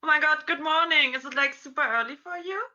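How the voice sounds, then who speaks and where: Chatty high bright-voiced woman cosplayer. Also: a little fast, lo-fi sound. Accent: non-native English speaker. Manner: chatty, storytelling, many "like" fillers. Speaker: guest cosplayer on a convention panel. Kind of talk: casual chat. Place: convention panel stage.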